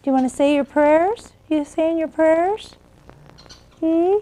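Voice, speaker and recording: A woman's voice: very high-pitched, slow, dark tone, slight background noise. A woman talking to her pet bird, coaxing and praising it in a sing-song pet voice. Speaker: bird owner.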